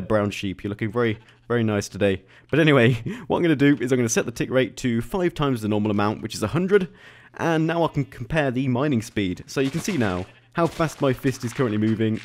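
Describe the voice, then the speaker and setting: A man giving casual gameplay commentary as a YouTube host. He talks in a chatty, excitable way and laughs often. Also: medium pitch.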